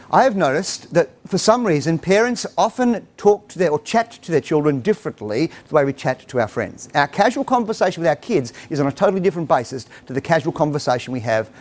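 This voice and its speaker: A middle-aged man giving a humorous talk to parents, acting out bits of dialogue. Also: a little high. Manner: animated storytelling, acts out dialogue. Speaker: speaker on parenting.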